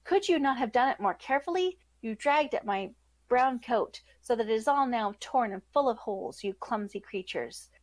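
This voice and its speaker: Woman doing a shrill, ungrateful little dwarf. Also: expressive, normal speed, close to an everyday voice. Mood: scolding. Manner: shrill scolding.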